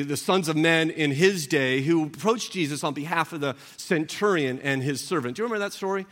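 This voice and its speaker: A man's voice: fairly high pitch, fairly bright tone. A man preaching a sermon conversationally, asking the congregation questions, acting out quoted voices, stumbling and repeating words as he goes. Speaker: pastor. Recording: long reverb of a large hall.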